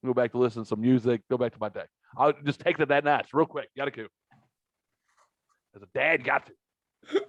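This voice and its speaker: Male podcast co-host, mid-pitch, animated storyteller who acts out quotes; dry, muffled recording. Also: a little fast, long pauses, no room sound. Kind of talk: casual podcast chat.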